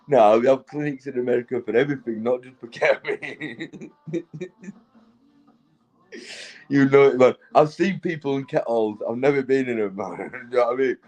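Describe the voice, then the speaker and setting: A British man, high, rambling loosely and laughing between crude remarks while chatting on a livestream. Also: measured pace, pauses often, a little mellow, poor audio. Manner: rambling, sweary, laughs often. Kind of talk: rambling casual livestream chat.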